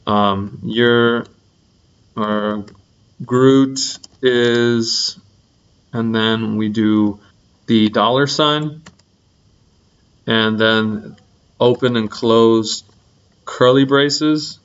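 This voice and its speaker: A young man teaching a programming lesson in a relaxed, rambling way, full of ums and likes. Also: mid-range voice, drawn-out words, pauses often, smooth, muffled recording. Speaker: coding instructor.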